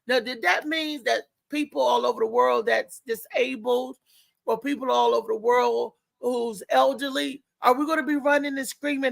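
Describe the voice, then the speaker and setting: A woman hosts a live morning show in a heavily gravelly, bright voice pitched a bit high. She rambles through her thoughts, repeating words and acting out other people's lines. The sound is very dry and close. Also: normal speed, dry recording. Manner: rambling, animated retelling with many repeats and acted-out quotes. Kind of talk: casual live-stream commentary.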